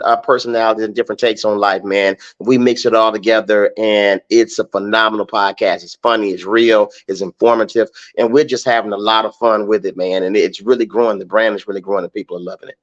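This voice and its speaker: A man's voice: lowish voice, fairly even intonation, brisk, hardly any pauses. Middle-aged male comic guest, casual, stammery repeats, muffled lo-fi audio. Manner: easygoing, repeats words while searching for them. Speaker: comedian and podcast guest. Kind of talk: casual chat.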